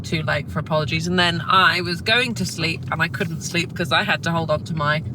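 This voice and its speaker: A woman, a professional saxophonist, chatting excitedly in a casual vlog. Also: deep voice, fairly quick, noisy background. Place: in a car and out and about.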